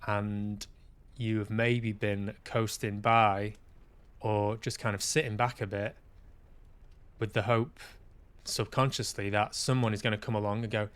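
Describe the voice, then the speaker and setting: A man's voice: on the low side, flat delivery, a little slow, clear, resonant tone. A man hosting a podcast, talking candidly in a casual, reflective monologue, self-deprecating and swearing now and then. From Manchester, UK. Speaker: podcast host and actor.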